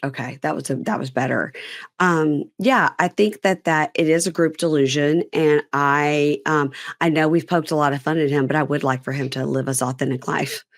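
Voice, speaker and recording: Woman, low voice, co-host, relaxed casual chat, dry sound. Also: normal speed, dry recording. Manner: relaxed, agreeable, many "mm-hmm"s. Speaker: podcast guest co-host.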